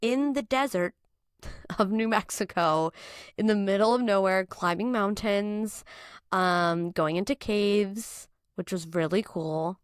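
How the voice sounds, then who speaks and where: A woman's voice: medium pitch, takes it slowly, clear, resonant tone, no echo, clean studio sound. Bubbly young woman hosting a podcast. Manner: bubbly, laughs often. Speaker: podcast host. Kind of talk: casual chat. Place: home, in Boston.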